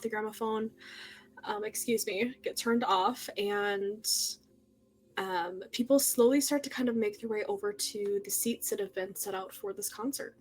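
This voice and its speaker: A woman running a tabletop horror game, describing the scene slowly and unhurriedly. She fills her narration with pauses and fillers. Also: medium pitch. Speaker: game master.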